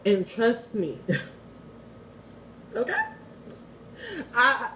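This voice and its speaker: A woman in her thirties giving a casual spiritual card reading and prayer, candid and quick to swear and laugh. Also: on the high side, expressive, sharp tone, slight background noise. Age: 30s. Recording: echoey room, heard from a distance.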